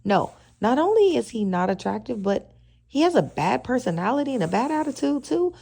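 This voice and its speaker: Sassy gravelly-voiced woman recapping. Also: on the high side, a little fast. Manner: sassy, animated, slangy and opinionated. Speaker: reality TV recap vlogger. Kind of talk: casual chatty episode review.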